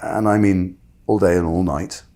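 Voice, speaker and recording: A man telling candid stories about his acting work in a fast, animated, self-interrupting way. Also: low-pitched. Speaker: actor guest. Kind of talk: candid conversational storytelling.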